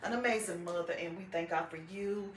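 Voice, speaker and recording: A woman giving a heartfelt, halting testimonial about her mother's treatment, holding back tears as she speaks. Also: fairly low pitch. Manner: heartfelt, halting, with many "um"s and "I just". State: tearful, holding back emotion. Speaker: client's daughter giving a testimonial. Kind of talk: personal testimonial. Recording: echoey room.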